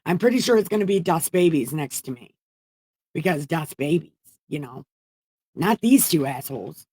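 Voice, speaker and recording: A woman's voice: deep voice, animated, moderate pace, a little mellow, breathy edge, dry recording. A woman voicing a blunt, irreverent male Jesus who talks in casual modern slang and swears. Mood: dismissive. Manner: casual, profane, sarcastic.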